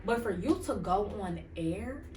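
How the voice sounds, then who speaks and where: A woman's voice: mid-range voice, lively intonation, a little slow, warm tone, slight background noise. A woman hosting a podcast, talking in a casual, rambling way with lots of "like" and "um" fillers. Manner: rambling, chatty, full of "like" and "um". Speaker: podcast host. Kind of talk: casual solo commentary. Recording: echoey room, distant from mic.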